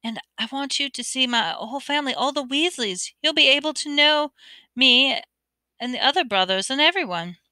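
Woman playing an earnest orphan boy wizard, urgent and pleading, raised pitch, crisp and dry. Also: expressive, moderate pace, sharp tone, no echo. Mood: eager. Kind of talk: amateur audiobook reading.

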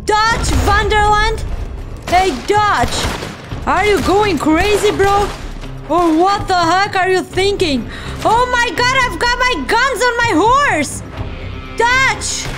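Excitable high-voiced woman gamer. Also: slow. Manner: excitable, laughing, swearing, calls viewers bro. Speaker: gaming streamer. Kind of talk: live game reaction commentary. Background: game music.

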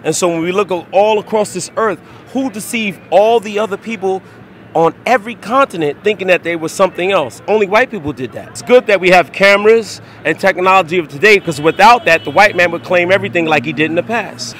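A man preaching on a city street outdoors, combative and lecturing, often raising his voice to a shout. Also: high voice, fairly quick, a little hiss or hum.

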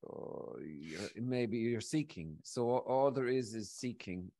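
A man's voice: medium pitch, takes it slowly. An Irish man in his forties, rambling and swearing freely in casual conversation as a guest. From Ireland. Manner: rambling, frequent swearing, animated. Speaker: guest speaker.

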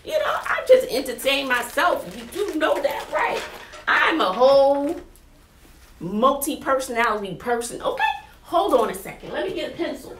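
A teacher, chatting excitedly to viewers while unboxing supplies in her classroom. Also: a little high, moderate pace. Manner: animated, exclaiming, chatty with viewers. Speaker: teacher and vlogger. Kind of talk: casual unboxing chat to viewers. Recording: roomy, distant camera mic, faint noise.

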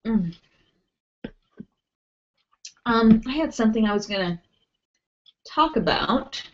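A woman's voice: a little high, lively intonation, moderate pace, background noise. A woman hosting a casual beauty live stream from home, chatting and reading out viewer comments with lots of ums and little laughs. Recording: dull lo-fi webcast audio.

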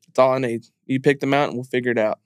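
A man's voice: medium pitch, fairly even intonation, fast, clean tone, no echo, clean studio sound. A man speaking as a podcast guest in a candid interview, earnest and emphatic, repeating phrases as he talks openly about grief.

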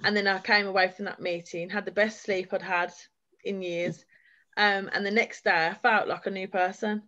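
A woman's voice: medium pitch, fairly even intonation, normal speed, pushed and bright, dull audio. A woman giving an earnest, heartfelt personal testimony as a guest speaker at a forum, talking in long flowing runs. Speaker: guest speaker sharing her experience.

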